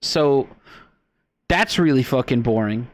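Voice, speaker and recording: A man's voice: medium pitch, animated, slow pace. A young man casually recapping a movie on a livestream, rambling and swearing offhandedly.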